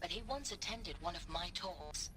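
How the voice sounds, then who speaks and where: A woman voicing a troubled art historian who speaks solemnly and asks measured questions in a game audio log. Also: lowish voice, expressive, natural voice, low-quality recording.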